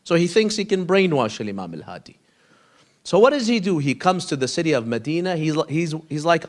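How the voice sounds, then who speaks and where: A man telling a story in a sermon, animated, acting out the dialogue between the people in it. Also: a little high, fairly quick. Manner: animated storyteller, acts out dialogue in quoted voices. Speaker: preacher. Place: mosque hall.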